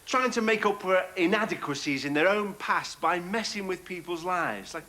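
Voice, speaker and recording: A man's voice: sits high, animated, moderate pace. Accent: Liverpool. Man ranting a stand-up routine. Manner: ranting, sardonic, shouting bursts. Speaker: stand-up comedian host. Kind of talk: stand-up comedy monologue. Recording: loud studio audience and noise.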